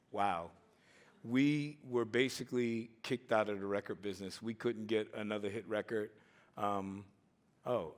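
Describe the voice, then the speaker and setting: A man in his sixties telling stories on a conference stage in a lively way, acting out the voices and laughing often. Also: lowish voice. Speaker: conference speaker. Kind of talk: storytelling talk.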